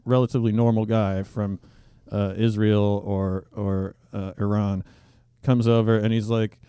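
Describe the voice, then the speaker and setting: A man co-hosts a podcast in easygoing banter, telling understated anecdotes. His voice is low and mellow. The sound is dry and close. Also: level tone, a little slow, clear, resonant tone, dry recording. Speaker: podcast co-host.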